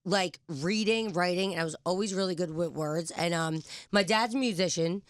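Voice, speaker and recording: A young woman talks as a guest in a radio studio. Her voice sits a little low, and she chats quickly and laughs easily. The sound is close and dry. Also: dry recording. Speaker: guest rapper. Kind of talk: casual interview chat.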